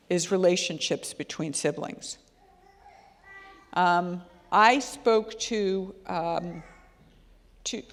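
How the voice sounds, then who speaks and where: A woman child-safety educator giving an earnest, conversational talk to parents, telling stories with frequent ums and restarts. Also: on the low side. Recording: long hall reverb.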